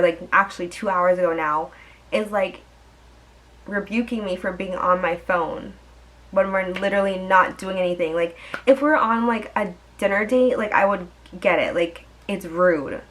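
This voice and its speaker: A woman's voice: medium pitch, poor audio. A young woman vlogger telling a dating story in a chatty, exasperated way, full of fillers and asides. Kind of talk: storytime vlog.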